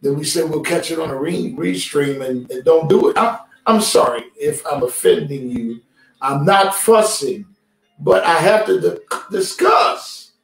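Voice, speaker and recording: Animated yet measured, a pastor with a slightly high voice and vocal fry preaches a streamed sermon. He converses with his congregation and draws out their responses. The recording is distant and echoey in the sanctuary, with music faintly audible.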